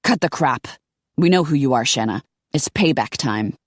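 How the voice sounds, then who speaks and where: A woman narrator voicing a gruff, menacing male caller who makes threats. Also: extremely low pitch, animated, moderate pace, no echo, studio quality. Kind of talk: audiobook character voice.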